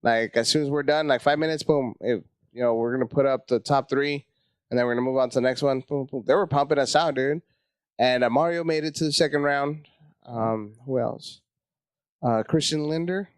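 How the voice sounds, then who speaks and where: Man, comedian guest; animated, profane storytelling, dry close sound. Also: a little fast, clear, resonant tone, dry recording. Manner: animated, profane, acts out his own panic in high voices. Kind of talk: casual storytelling chat.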